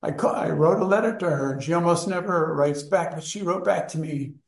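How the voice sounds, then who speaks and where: A man's voice: on the high side, a little fast, vocal fry, echoey room. A man in a study group, casually telling a personal story and rambling as he searches for words.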